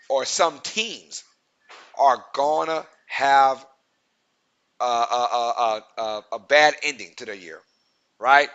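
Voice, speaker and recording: A man's voice: mid-range voice, fairly bright tone, dry recording, lo-fi sound. A young man with a Southern accent co-hosting a casual sports live stream, chatty and full of fillers as he reads viewer comments aloud. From Louisiana. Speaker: sports podcast co-host.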